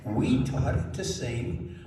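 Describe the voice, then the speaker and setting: A man telling a children's story in a lively way, asking the listeners questions. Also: slow pace. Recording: very echoey room, mic far off, faint noise.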